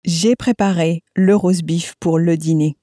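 A woman giving model pronunciations in a language lesson, saying each phrase slowly and clearly, often twice. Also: fairly low pitch, fairly even intonation, mellow, dry recording, clean studio sound. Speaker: native speaker model voice in a lesson. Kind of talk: slow, careful model pronunciation.

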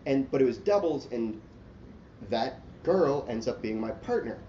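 A man's voice: mid-range voice, lively intonation, a little slow, mellow. A man telling a long, profane story in casual chat, rambling and self-mocking and full of "like". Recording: roomy, dull lo-fi sound with faint hiss.

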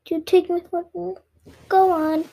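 A child voicing an impatient male king in court, reading aloud slowly. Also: very high-pitched, level tone, mellow. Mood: stern.

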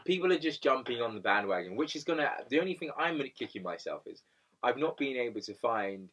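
A man's voice: mid-range voice, fast talker, breathy edge, distant mic, dull audio. A man co-hosting a casual podcast, animatedly telling a story and acting out what people said. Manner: animated storyteller, acts out quotes. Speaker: podcast co-host.

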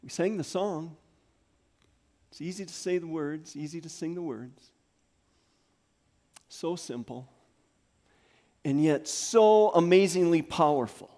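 Man preaching, hushed to loud. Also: on the high side, slow, long pauses. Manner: dynamic preaching, swinging from hushed near-whispers to loud calls. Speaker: pastor. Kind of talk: sermon. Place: church sanctuary.

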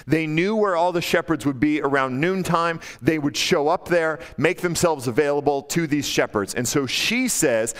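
Animated male pastor in echoing hall. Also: normal speed, hardly any pauses. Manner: animated, jokey, acts out quotes in a high teasing voice. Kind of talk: sermon. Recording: long hall reverb.

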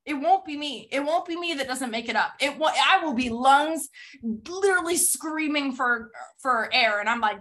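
A woman hosts a motivational podcast, telling a story to her listeners. Her voice sits high and sounds bright and forward. She talks in an animated, emphatic way, acting out the quoted dialogue and leaning on repetition for effect. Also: moderate pace. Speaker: podcast host.

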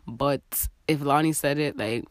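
A woman with a Jamaican accent chats on a podcast with a voice pitched a little low. She is animated and laughs often, drifting into patois now and then. The recording is close and dry. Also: measured pace, dry recording. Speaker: podcast co-host. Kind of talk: casual chat.

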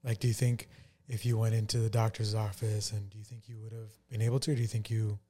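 A man hosting a podcast, asking probing interview questions in a halting way, with many "like"s. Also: fairly low pitch, little pitch movement, mellow, husky. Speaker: podcast host.

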